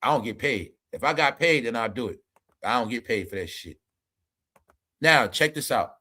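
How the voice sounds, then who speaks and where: A man's voice: medium pitch, expressive, normal speed, pushed and bright, slightly rough. A man hosting an entertainment commentary show, ranting emphatically and profanely straight to his viewers. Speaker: commentary channel host.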